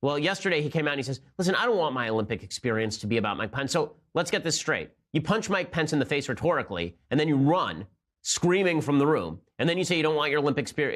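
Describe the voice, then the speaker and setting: A man's voice: medium pitch, fairly bright tone. A man delivering a combative, sarcastic political monologue as host of the show. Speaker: political commentator. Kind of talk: fast opinion monologue.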